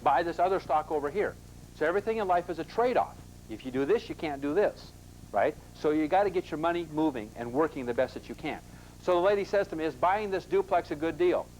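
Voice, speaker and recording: A man's voice: on the high side, lively intonation, quick pace, darkish tone, a little hiss or hum, low-quality recording. A man teaching a live investment seminar in a classroom, emphatic and constantly asking the audience rhetorical questions.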